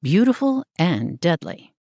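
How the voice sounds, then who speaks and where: Woman putting on a smirking young surfer guy, low voice, lively teasing lilt, dry audiobook sound. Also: unhurried, gravelly, dry recording, heavily acted. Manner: playful, smirking banter.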